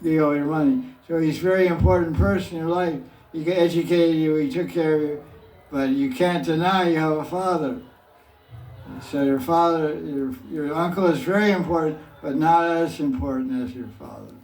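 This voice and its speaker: An older man with a slightly high voice leads a devotional question-and-answer session. He talks casually and chuckles at his own playful asides. He is recorded from a distance in a reverberant room with faint noise behind him. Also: moderate pace, darkish tone. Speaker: spiritual teacher. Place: hall with devotees. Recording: echoey room from far off.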